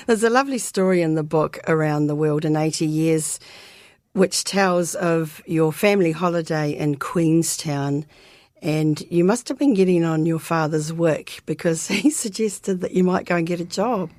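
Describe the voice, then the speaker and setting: Woman podcast host, low-ish voice, scripted intros and questions, dry close sound. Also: a little slow, darkish tone, no room sound. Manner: reads prepared introductions and questions.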